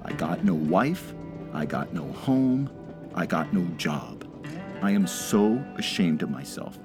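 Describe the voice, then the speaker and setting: A man's voice: sits low, expressive, moderate pace, music in the background. A man voicing a big, drunk, belligerent male laborer who roars his lines. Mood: broken. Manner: roaring, belligerent.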